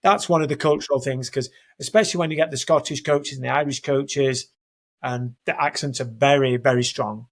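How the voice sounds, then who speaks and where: A man's voice: mid-range voice, steady tone, a little fast. A man in his fifties from Northern England with a Northern English accent, a guest in an interview, talking in a rambling, self-correcting way from his home. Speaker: guest, soccer program leader. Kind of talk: conversational interview. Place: home, house in Denver.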